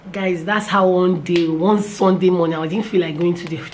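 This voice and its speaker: Young Nigerian woman, casual storytime vlog, lively and repetitive, faint hiss behind. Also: normal speed. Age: young adult. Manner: animated, repeats phrases, pitch jumps when excited. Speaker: vlogger.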